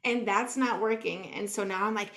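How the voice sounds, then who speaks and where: A woman co-hosting a podcast, telling a story in a casual, animated way, full of "like" and acting out what she said. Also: medium pitch, moderate pace. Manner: animated, peppered with "like", acts out her own quotes. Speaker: podcast co-host.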